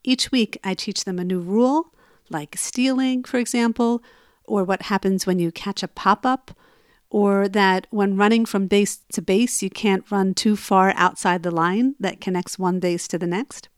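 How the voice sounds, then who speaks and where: A woman's voice: mid-range voice, fairly even intonation, measured pace, clear, resonant tone, no echo, clean studio sound. A woman telling a personal story in a conversational way, growing emphatic as she relives an argument.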